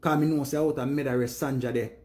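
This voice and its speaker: A man's voice: mid-range voice, steady tone, fast talker, darkish tone. A man with a Jamaican accent giving an earnest, preachy monologue in Patois to his viewers. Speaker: live streamer.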